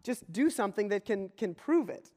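A man's voice: high voice, animated, moderate pace, a little mellow, big-room sound. A man playing a pushy, demanding crowd. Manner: pushy, bargaining. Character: demanding skeptical crowd of men.

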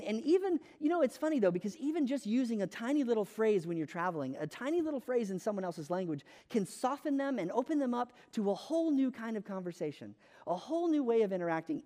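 High-voiced American preacher in a reverberant hall. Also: male voice, warm tone. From United States. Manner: conversational, self-deprecating storytelling with fillers. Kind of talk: sermon.

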